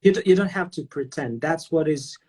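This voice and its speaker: Husky-voiced Russian-speaking host. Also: male voice, fairly high pitch, brisk. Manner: enthusiastic, flattering, long rambling questions. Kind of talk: casual livestream interview.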